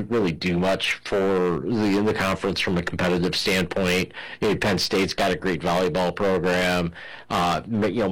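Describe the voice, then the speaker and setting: Guy with a really low voice chatting sports, lots of you know and uh. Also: fairly bright tone, poor audio. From Ohio. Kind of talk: casual sports chat. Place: home in Arizona.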